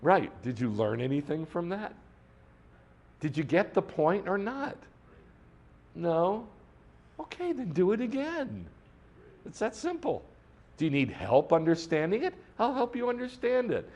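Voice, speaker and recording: Lively man preaching a conversational sermon. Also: high-pitched, a little slow, pauses often, lo-fi sound. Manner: lively, conversational, asks the room questions; switches into Hebrew prayer lines. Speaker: congregation teacher.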